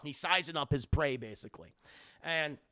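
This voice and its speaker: A man's voice: a little high, moderate pace, sharp tone. A man streaming a live film recap, rambling and profane, often talking to his chat.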